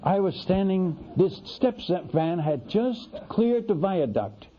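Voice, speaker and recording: A man, a missionary preacher, tells a story from the pulpit in an animated, folksy way, often restarting his sentences. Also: sits high, slow, slight background noise. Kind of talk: storytelling sermon. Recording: tinny, lo-fi radio broadcast.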